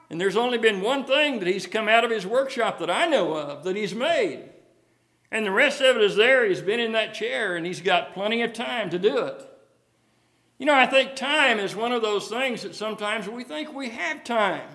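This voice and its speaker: A man's voice: high-pitched, animated, moderate pace, bright, forceful tone. A man preaching a sermon in a folksy storytelling way, with many restarts and repeated phrases.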